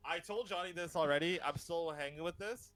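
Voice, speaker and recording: A man hosting a casual podcast chat, enthusiastic, laughing often and filling pauses with ums. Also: a little high, a bit bright, no echo, poor audio. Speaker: podcast host.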